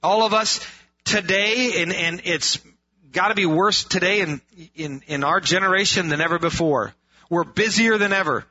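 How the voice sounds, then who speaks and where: High, bright-voiced preacher man. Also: moderate pace. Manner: earnest, rhetorical questions, restarts and emphatic repetition. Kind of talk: sermon. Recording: dull lo-fi sound.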